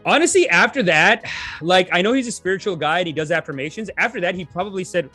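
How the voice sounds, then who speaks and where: Co-host, male, high and lively, mocking tone, soft music under. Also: quick pace. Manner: mocking, animated, throws in silly impressions. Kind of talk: casual commentary chat.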